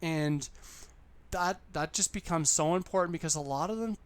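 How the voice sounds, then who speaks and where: Man, slightly high voice, casual how-to talk to camera, upbeat and repetitive. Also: moderate pace, clear, resonant tone. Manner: upbeat, chatty, repeats points. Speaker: online English teacher giving tips.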